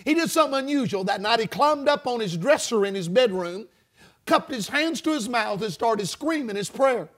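A man's voice: extremely high pitch, expressive, moderate pace, fairly bright tone. A male preacher giving a revival sermon, with rhythmic, emphatic phrasing and call-and-response lines to the congregation.

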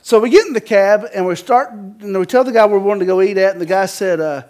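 Man, Southern accent, pastor preaching, folksy and joking, somewhat high-pitched. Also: fast talker, a little mellow. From the Carolinas. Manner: folksy, joking storyteller with Southern turns of phrase. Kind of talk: sermon.

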